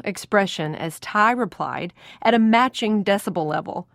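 A woman in her thirties, narrating her own memoir in a reflective, measured way. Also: lowish voice, fairly bright tone, dry recording, clean studio sound. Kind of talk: reading a personal memoir aloud.

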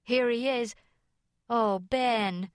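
A woman voicing a lively, eager young girl in a storybook reading, speaking in bright exclamations. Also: a little high, extremely slow, no room sound, clean studio sound, pitched above the performer's own voice. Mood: excited.

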